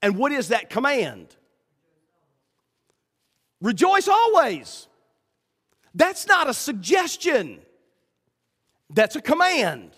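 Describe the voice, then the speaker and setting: A man's voice: very high voice, huge pitch swings, takes it slowly, pushed and bright, slightly rough. A man preaching a sermon as pastor, talking directly to his congregation and acting out the voices of people in his stories. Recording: long reverb of a hall.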